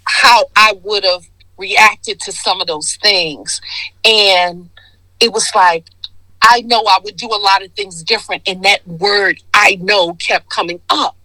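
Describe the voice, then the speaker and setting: Bright-voiced woman in her sixties. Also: medium pitch, a little slow, no echo, low-quality recording. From Detroit. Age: 60s. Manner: animated storyteller, acts out quoted voices. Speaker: guest, skincare founder. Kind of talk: casual storytelling interview.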